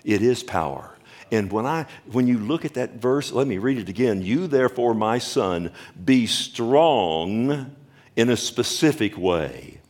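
A man's voice: medium pitch, lively intonation, measured pace, a little mellow. A man preaching a sermon as pastor, emphatic and repetitive, calling out for the congregation's response.

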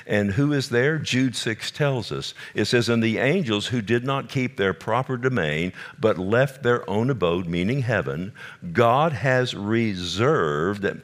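A man preaching a Bible-teaching sermon, emphatic and direct with his listeners, repeating words for effect. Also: lowish voice.

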